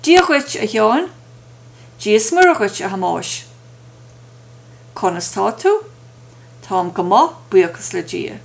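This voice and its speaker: A woman teaching a language lesson, saying each phrase and then its translation with slow, careful pronunciation. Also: medium pitch. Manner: slow, careful enunciation with pauses between phrases.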